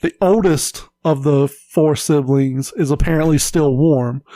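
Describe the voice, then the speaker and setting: A man's voice: on the high side, unhurried, mellow, dry recording. A man co-hosting a casual podcast, rambling through a story and swearing freely. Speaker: podcast co-host.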